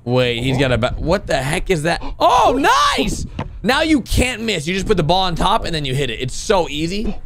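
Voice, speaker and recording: A man hosting a reaction video, commenting in a casual, excitable, exclamatory way and talking straight to his viewers. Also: a little high, fairly quick, few pauses, noisy background.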